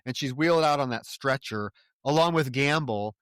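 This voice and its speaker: A man recaps a movie on his podcast with brash, swearing incredulity and a quick running commentary. His voice is recorded dry and close, with no room sound. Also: medium pitch, a bit bright, clear, resonant tone, no echo. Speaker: podcast co-host. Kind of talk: casual film commentary chat.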